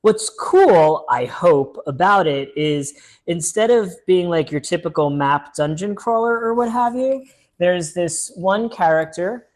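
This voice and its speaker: A man's voice: high voice, lively intonation, unhurried. A man hosting a casual solo board game playthrough, chatting upbeat as he thinks aloud and reads the story text. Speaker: board game channel host.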